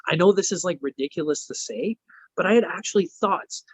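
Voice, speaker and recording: A man's voice: high voice, fairly quick, breathy edge, dry recording, poor audio. Swearing man telling a story. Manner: swears constantly, rambling. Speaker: wrestler guest. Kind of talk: casual storytelling.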